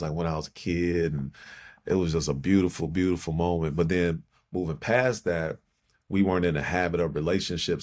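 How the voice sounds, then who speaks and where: A middle-aged man from Chicago, a poet and podcast guest, tells a personal story in a reflective, halting way and repeats phrases for emphasis. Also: very deep voice, a little mellow.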